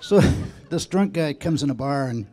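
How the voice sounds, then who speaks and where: Male stand-up comic, chatty joke teller, slightly high voice. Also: expressive, darkish tone. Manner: chatty storyteller, doing quick voices in quotes. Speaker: stand-up comedian.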